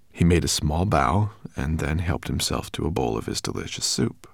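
A man narrating a fantasy audiobook in an expressive storytelling manner. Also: rumbling low, normal speed, creaky, hardly any pauses, dry recording, clean studio sound. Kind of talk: scripted narration.

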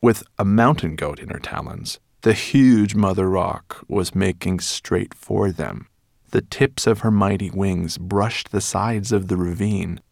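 A man's voice: low voice, a little slow, creaky, darkish tone, dry recording, studio quality. A man narrating a children's adventure audiobook in a dramatic storytelling manner. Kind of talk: scripted narration.

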